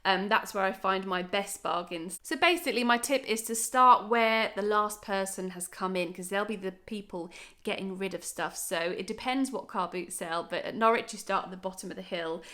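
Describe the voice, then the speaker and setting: At a moderate pace, a Norfolk-accented woman in her thirties chats bubbly to her camera, leaning on "right" and "um". She's a vlogger whose mid-range voice comes across pushed and bright.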